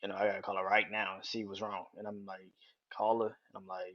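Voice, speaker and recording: A man's voice: fairly low pitch, flat delivery, a little fast. A man hosting his own podcast, casually telling a personal story in a rambling, repetitive way, swearing freely and chuckling often. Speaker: podcast host. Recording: dull lo-fi sound.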